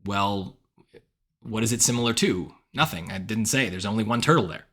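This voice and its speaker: A man tutoring for the SAT, walking through each answer choice out loud and often asking "right?" as he reasons. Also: on the low side, normal speed, breathy edge. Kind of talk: test-prep walkthrough.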